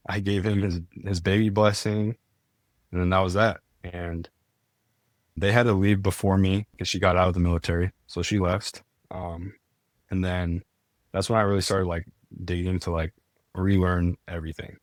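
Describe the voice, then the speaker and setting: Low-voiced young man telling his story. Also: little pitch movement, normal speed, no echo, studio quality. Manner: earnest, many "like" fillers and restarts. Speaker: podcast guest. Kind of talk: casual storytelling.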